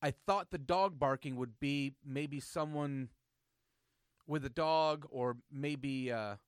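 Animated male storyteller, dry close mic. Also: mid-range voice, slow, smooth, no room sound. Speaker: podcast host. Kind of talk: casual storytelling banter.

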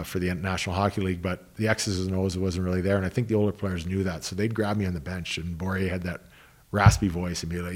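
A man's voice: low voice, husky. A man, a hockey coach, telling long anecdotes in an interview, restarting sentences and quoting people he worked with. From Canada. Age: 30s. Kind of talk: interview storytelling.

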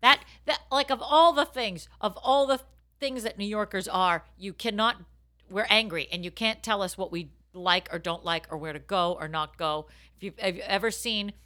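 A woman hosting a comedy podcast, loud and jokey in casual banter, prone to rants. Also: medium pitch, moderate pace. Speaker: podcast host.

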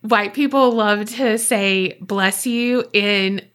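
A woman co-hosting a podcast, reading a listener's ghost story aloud and then chatting in a lively, swearing, laughing way. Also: mid-range voice, slow pace. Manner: animated, swears freely, laughs often. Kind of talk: casual chat and reading aloud.

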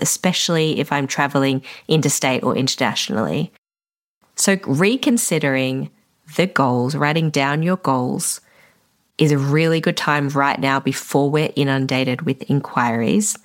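A woman, a wedding photographer hosting a solo podcast, talking reflectively and encouragingly to fellow vendors. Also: a bass voice. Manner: reflective, encouraging, a little emotional at times.

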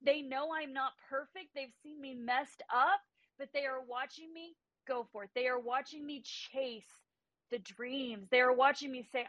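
A woman's voice: high-pitched, fairly even intonation, normal speed, fairly bright tone, no echo, rough recording. A woman in her thirties, a guest on a livestream call, telling a passionate, faith-driven story about her daughters. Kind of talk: livestream interview. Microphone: remote call.

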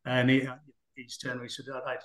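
A former footballer tells rambling anecdotes in an interview, chatty and full of fillers as he storytells in conversation. His mid-range voice is monotone and fairly bright, and he talks fast. The recording has a roomy echo.

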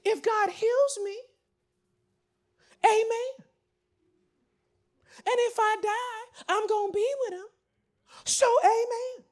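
A man's voice: very high-pitched, fairly even intonation, slow pace, pauses often, voice pushed up. A man voicing an older woman with a light, airy voice, breezy and matter-of-fact about her fate. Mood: serene.

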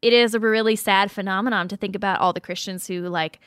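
A woman's voice: mid-range voice, fairly even intonation, fast, fairly bright tone, smooth, no room sound, studio quality. A woman co-hosting a podcast in casual chat, talking earnestly and laughing often. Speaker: podcast co-host.

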